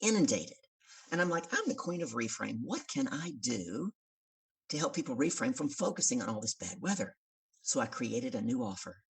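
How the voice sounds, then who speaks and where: Deep-voiced gravelly woman telling a lively story. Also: moderate pace, distant mic. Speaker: podcast guest, business coach. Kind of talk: animated storytelling in conversation.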